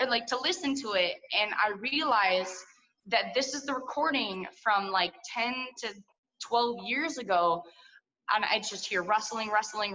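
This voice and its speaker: Candid young woman with a bright voice. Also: medium pitch, muffled recording. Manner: candid and profane, full of likes and asides. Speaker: storyteller. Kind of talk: personal story at a story slam. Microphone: video call.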